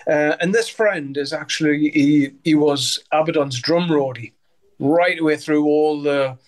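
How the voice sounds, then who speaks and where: Man, 60s, slightly high voice, loose and rambling, swears a lot, casual interview storytelling. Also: a little slow. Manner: rambling, swears freely, lots of fillers. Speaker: interviewee, musician.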